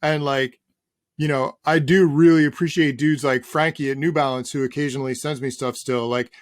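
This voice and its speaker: A middle-aged man chatting casually as an interview guest, relaxed and rambling, swearing now and then. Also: medium pitch, normal speed, dry recording. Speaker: guest, sneaker journalist.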